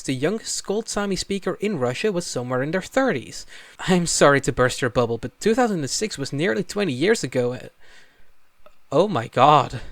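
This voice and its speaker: A man's voice: fairly high pitch, no echo. Wry man narrating with dry close sound. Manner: wry, casual asides with sudden emphatic jumps. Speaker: language video creator. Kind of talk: scripted educational narration.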